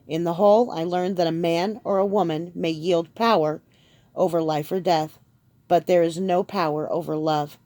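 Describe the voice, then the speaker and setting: A woman's voice: lowish voice, steady tone, normal speed, darkish tone, no room sound, natural voice. A woman narrator voicing a resolute young king giving a rousing speech to his people. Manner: rousing, speech-making delivery.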